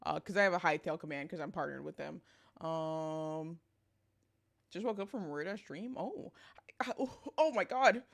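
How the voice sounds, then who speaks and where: A woman's voice: fairly low pitch, moderate pace, creaky. A young woman streaming, chatting casually with a sleepy morning voice, laughing often and greeting chat.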